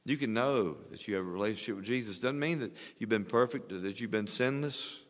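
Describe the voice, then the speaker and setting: Older preacher guy, 60s, lowish voice, earnest sermon, church hall echo. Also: a little fast. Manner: earnest preaching, swelling louder on exhortations. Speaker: pastor. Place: church sanctuary. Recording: long church reverb.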